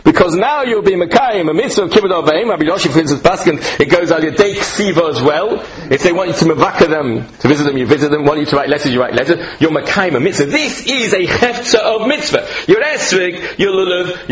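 An older man teaching a Torah class, animated and rhetorical, repeating phrases and mixing in Hebrew and Yiddish terms. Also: high-pitched, low-quality recording. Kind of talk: Torah lecture.

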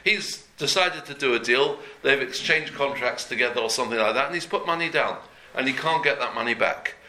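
A man's voice: mid-range voice, a little fast, bright, forceful tone. A man teaching a daily Jewish law class in an earnest, conversational way, repeating and rephrasing each point as he explains it. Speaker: Torah teacher. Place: room before a talk.

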